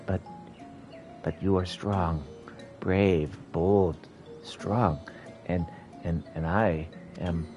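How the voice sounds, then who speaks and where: A man's voice: low-pitched, fairly even intonation, extremely slow, long pauses, darkish tone, faint music behind. A man voicing a timid, fretful male kobold in a game, stammering and piling up anxious synonyms. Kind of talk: reading game dialogue aloud in character.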